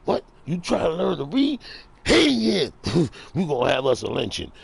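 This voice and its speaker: A man mimicking a cruel, jeering white man from a mob, in a shrill mocking tone. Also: huge pitch swings, moderate pace, creaky, breathy edge, exaggerated voice.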